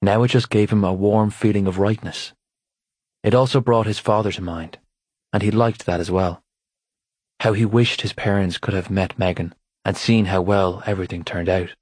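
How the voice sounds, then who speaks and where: Deep-voiced man narrating an audiobook. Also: fairly even intonation, moderate pace, a little mellow, breathy edge, dry recording. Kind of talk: scripted narration.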